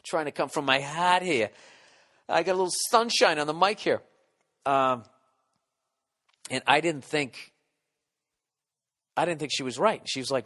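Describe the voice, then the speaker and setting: A man's voice: on the high side, unhurried, pauses often, fairly bright tone. Profane ranting man telling a story. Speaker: comedian podcast host. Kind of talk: rambling comedic monologue. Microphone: studio mic with windscreen.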